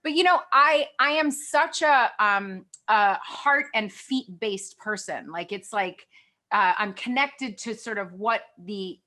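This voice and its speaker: A middle-aged woman, a guest actress, talking candidly in a lively, expressive way and laughing often. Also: mid-range voice, takes it slowly. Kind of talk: candid conversation.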